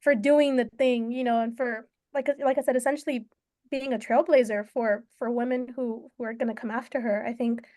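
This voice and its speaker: A woman's voice: a little high, steady tone, fairly quick, a little mellow. Earnest female umpire guest. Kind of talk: casual interview chat.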